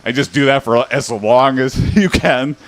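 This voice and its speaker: A man's voice: medium pitch, measured pace. Rambling casual male streamer. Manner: rambling, laughs often, loose storytelling. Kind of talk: casual live-stream chat.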